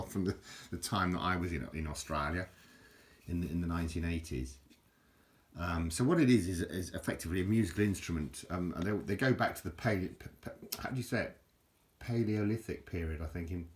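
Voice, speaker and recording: A man hosting a casual home video, talking in a halting, rambling way with many restarts and self-mocking jokes. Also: deep voice. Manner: drops into mock Aussie slang for fun. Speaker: video host showing an object. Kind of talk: casual rambling show-and-tell. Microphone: handheld camera, filming one-handed.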